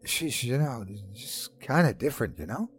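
A man voicing a shaken young man haunted by hallucinations, talking softly and stammering. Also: mid-range voice, very animated, normal speed, breathy edge. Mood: pleading. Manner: stammering, soft and shaky.

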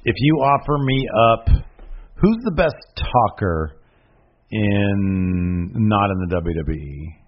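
A man co-hosting a casual podcast, arguing his side in an animated, rambling, jokey way. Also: on the low side, slow, dull audio. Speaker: podcast co-host. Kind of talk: casual debate chat.

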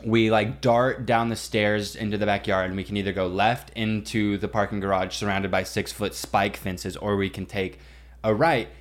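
A young man co-hosting a podcast, telling a story in casual chat, animated and full of swearing and "like". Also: fairly low pitch, normal speed. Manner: animated, swearing, heavy use of "like". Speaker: podcast co-host.

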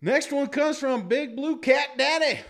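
High-voiced man joking through listener reviews. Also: a little slow, fairly bright tone. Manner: jokey, laughs often, mock-dramatic asides. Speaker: podcast co-host. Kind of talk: reading listener reviews aloud.

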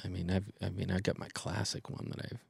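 A comedian co-hosting a podcast, telling his story in an easy, relaxed way and tossing in a lot of short replies. His voice sits low and gravelly. The recording is close and dry. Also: quick pace, no echo. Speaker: stand-up comedian, podcast co-host. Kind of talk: casual chat.

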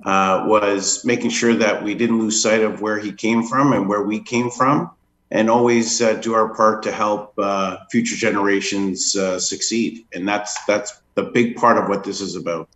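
A man speaking as a guest in a radio interview, modest and halting, with many pauses. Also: on the low side, steady tone, fairly bright tone. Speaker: donor family member guest. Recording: roomy echo.

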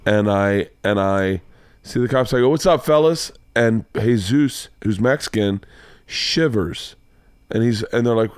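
A man hosting a podcast talks casually and tells stories with gusto, jumping up in pitch when he acts out what others said. His voice sits in a middle range and sounds close and dry. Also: moderate pace, no room sound. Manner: animated, acts out quotes in a raised voice, swears. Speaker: podcast host. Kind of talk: casual chat, storytelling. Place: home studio.

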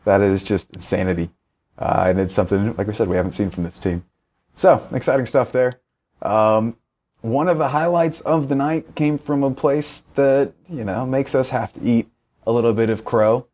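A man's voice: mid-range voice, normal speed. A young man co-hosting a casual sports podcast, recapping a match with wry jokes. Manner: wry, joking, lively recaps. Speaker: podcast co-host.

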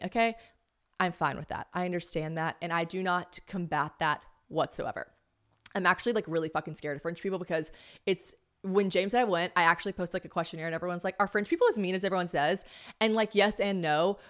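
A young woman from the United States hosts her own podcast, telling a story in a chatty, animated way. Her voice sits a little low, and she swears casually as she goes. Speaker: podcast host. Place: home podcast room.

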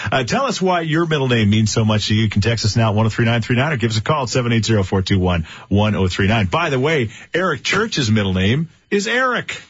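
A man's voice: medium pitch, expressive, quick pace, few pauses, husky. A man hosting a morning radio show, bantering and hyping contests. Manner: hypes contests and reads call-in numbers. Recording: dull lo-fi radio broadcast.

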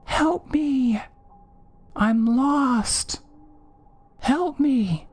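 A man voicing a creature that mimics a lost little girl, whimpering and pleading in a drawn-out way. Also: very high-pitched, slightly rough, voice pushed up, exaggerated voice.

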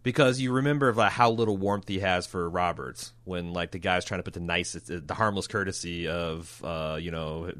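A man's voice: low-pitched, moderate pace, hardly any pauses, a bit bright, no echo. A man co-hosting a podcast in casual chat, rambling and joking with plenty of swearing. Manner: loose, rambling, swears and jokes. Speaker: podcast co-host.

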